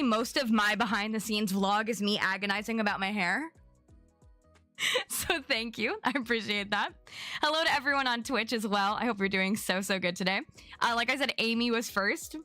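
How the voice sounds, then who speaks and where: A woman's voice: on the high side, pushed and bright, no room sound. A young adult woman chatting casually on her live stream, bubbly and chatty as she greets viewers by name.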